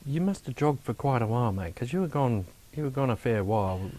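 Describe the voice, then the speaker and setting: A man's voice: medium pitch, lively intonation, fairly quick, dark tone, no echo. A man, co-hosting a casual chat and ribbing his mate. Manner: teasing, banter. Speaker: co-host.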